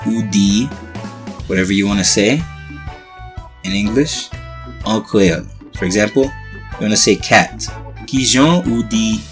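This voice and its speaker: A man teaching everyday classroom phrases in a relaxed, patient way, as a language lesson host. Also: fairly low pitch. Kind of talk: explaining vocabulary for a language lesson.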